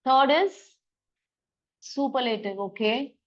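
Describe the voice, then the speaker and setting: A woman teaching a grammar lesson in a classroom, brisk and coaxing as she quizzes students. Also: high-pitched, lo-fi sound.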